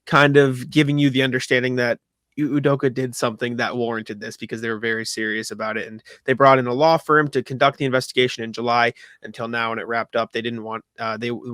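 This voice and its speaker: A man's voice: medium pitch, fairly bright tone, dry recording, clean studio sound. A man co-hosting a sports podcast in casual chat, talking loosely with lots of fillers. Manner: loose, filler-heavy delivery. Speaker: podcast co-host.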